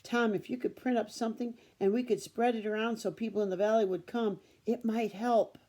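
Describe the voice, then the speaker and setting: A woman voicing an excited young schoolteacher who talks urgently. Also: on the high side, brisk, voice pushed up, natural voice. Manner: urgent and breathless.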